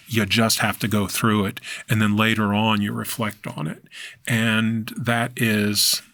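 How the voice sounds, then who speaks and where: A man guesting on a podcast, telling a story in a halting, reflective way with many fillers and restarts. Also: lowish voice, gravelly, fairly bright tone, no room sound. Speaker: podcast guest, decedent remover. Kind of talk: casual interview storytelling. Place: podcast studio.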